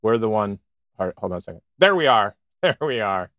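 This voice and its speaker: A man co-hosting a show, chatting in a rambling, jokey and excitable way, cracking himself up as he goes. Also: fairly low pitch, fairly quick, dry recording, clean studio sound. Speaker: co-host of a podcast show. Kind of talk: casual banter.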